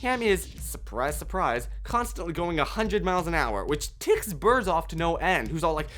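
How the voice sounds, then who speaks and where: A woman's voice: on the low side, sing-song, moderate pace, fairly bright tone, slight background noise. A young woman narrating a comedic story recap in slangy, jokey talk with self-deprecating asides.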